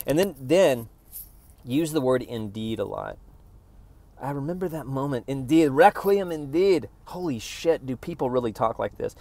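A man's voice: mid-range voice, lively intonation, normal speed, warm tone, no room sound. A man from Oklahoma doing a rambling, sarcastic stand-up bit, mocking what he reads with put-on voices. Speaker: comedian.

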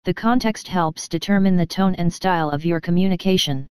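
A woman reads a training lesson in measured, scripted narration. Her voice is very smooth and clear, a little low-pitched, and recorded close with no room sound at all. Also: darkish tone, no echo. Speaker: course narrator.

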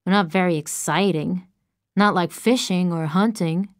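A woman's voice: on the low side, a little slow, dry recording, clean studio sound, voice pushed down, lightly acted. A woman voicing a cocky young farm man who teases with a drawling rural way of talking, in an audiobook. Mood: teasing. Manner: drawling rural speech, teasing. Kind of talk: audiobook character voice.

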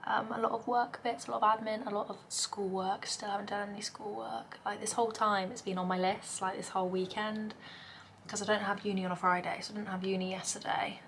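A woman's voice: medium pitch, level tone, fairly quick, gravelly, a bit bright, slight background noise. A young woman, vlogging at home in a casual, rambling way, tired and overwhelmed. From England. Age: young adult. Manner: rambling, talks in run-on lists with many "like" fillers. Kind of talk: casual chatty vlog. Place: home, indoors.

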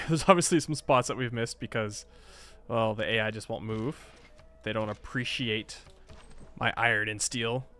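A man's voice: mid-range voice, bright, forceful tone, clear, resonant tone. A man giving casual Let's Play commentary on a strategy game, chatty and self-mocking, often talking back at the game.

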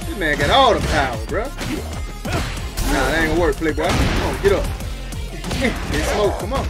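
A man's voice: a little high, very animated, moderate pace. A man hosting a gaming video, giving brash, slangy, trash-talking commentary as he plays, laughing often. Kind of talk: live gameplay commentary. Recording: loud game music behind voice.

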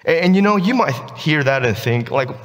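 A male pastor giving a relaxed, conversational sermon, often checking in with "right?". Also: on the high side, fairly quick, long reverb tail. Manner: casual, keeps asking "right?". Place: church sanctuary.

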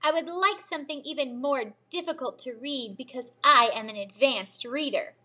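A woman's voice: high-pitched, moderate pace, bright, forceful tone. A woman doing a prissy know-it-all schoolgirl. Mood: smug. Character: prim know-it-all schoolgirl, smug and showy.

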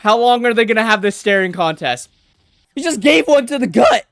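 A man reacting live to an anime episode, excitable and exclaiming, swearing in casual slang. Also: very high-pitched, normal speed, gravelly, dry recording, studio quality.

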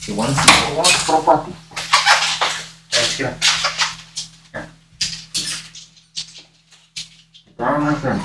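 A man's voice: medium pitch, natural voice. A man playing Deadpool, a wisecracking masked antihero, chatting with viewers in a rambling, jokey way on a livestream. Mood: joking. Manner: rambling, jokey, mock-begging. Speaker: cosplayer livestreaming. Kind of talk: livestream chat in character. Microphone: phone on livestream. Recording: echoey room, far from mic, noisy.

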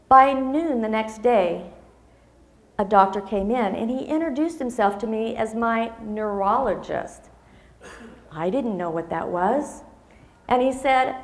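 A woman's voice: fairly high pitch, a little slow, echoey room. A woman in her fifties giving a motivational speech to an audience, telling a personal story expressively and acting out the dialogue. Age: 50s. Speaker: motivational speaker.

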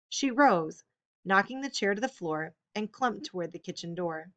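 A woman reading an audiobook, telling the story in a steady, expressive way. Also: medium pitch, moderate pace. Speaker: audiobook reader. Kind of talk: audiobook narration.

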